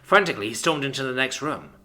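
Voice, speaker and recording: A man reading a story aloud in a dramatic, expressive narration. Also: mid-range voice, fast talker.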